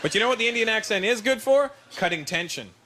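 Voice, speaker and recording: Animated high-voiced male stand-up comedian. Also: fast talker. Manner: animated, confiding, riffing with the crowd. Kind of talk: stand-up routine. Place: stage in front of a live audience. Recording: noisy played-back stand-up clip.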